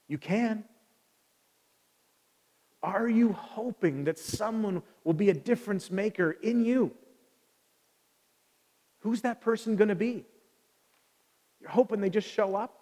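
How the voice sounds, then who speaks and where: Male pastor, sermon, conversational, asks the congregation questions, high voice, church sanctuary reverb. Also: slow pace, pauses often, a little mellow. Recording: long reverb of a large hall.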